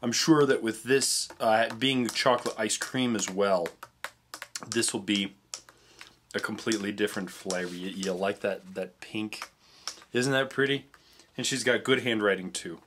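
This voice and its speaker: A young man with a somewhat low voice talks his way through a food review vlog. He rambles casually, restarting sentences and stumbling over words as he goes. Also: steady tone, measured pace, fairly bright tone, a little hiss or hum. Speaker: vlogger tasting treats.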